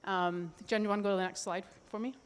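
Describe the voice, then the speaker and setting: A woman's voice: medium pitch, steady tone, quick pace, smooth. A middle-aged woman, a holistic nutrition coach, giving a presentation talk with a candid, earnest personal story and frequent restarts. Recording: long hall reverb.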